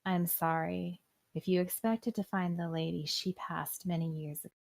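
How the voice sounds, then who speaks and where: A woman's voice: fairly low pitch, steady tone, moderate pace, gravelly, darkish tone, no room sound. A woman voicing a composed priestess who keeps a castle, speaking formally and politely.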